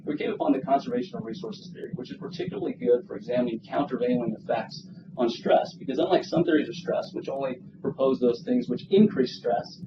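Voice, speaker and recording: Distant lo-fi man presenting research. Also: medium pitch. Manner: earnest, explanatory, with small restarts. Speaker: job candidate presenting research. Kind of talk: academic presentation with Q&A. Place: seminar room. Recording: distant, dull lo-fi with room noise.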